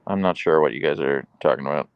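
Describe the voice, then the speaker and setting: A man's voice: extremely low pitch, quick pace, clear, resonant tone, dry recording, dull audio. A man hosting a casual live stream, chatting easily as he answers viewers' questions. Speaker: livestream host reading chat.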